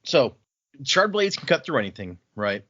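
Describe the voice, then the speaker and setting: A man's voice: medium pitch, sing-song, moderate pace, fairly bright tone, no room sound. A man hosting a casual book podcast, recapping chapters in a chatty way with many fillers. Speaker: podcast host. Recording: dull dry audio.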